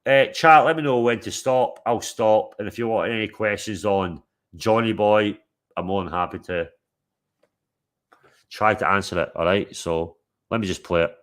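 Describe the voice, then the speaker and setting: A man's voice: on the low side, moderate pace, a bit bright. A man hosting a livestream, chatting casually to his chat, teasing and swearing freely. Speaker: livestream host.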